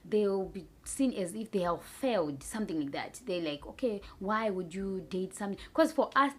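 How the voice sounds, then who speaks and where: A woman from Zimbabwe talks straight to her viewers in a casual vlog. Her voice sits in a middle pitch, and she tells her story frankly, slipping now and then into the voices of the people she describes. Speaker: vlogger. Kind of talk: casual talk to camera.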